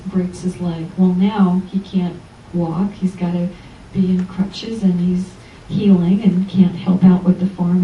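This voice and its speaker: In a lowish voice, a woman from Los Angeles delivers an uplifting Sunday church lecture, bringing her stories to life by performing the characters' voices. The sound is lo-fi with slight background noise, recorded at a distance in an echoey church hall.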